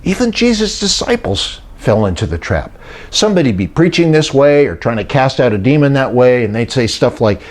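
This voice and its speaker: A man's voice: mid-range voice, sing-song, moderate pace. An older man preaching and retelling a story, acting out the voices of those he quotes. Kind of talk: sermon-style teaching talk.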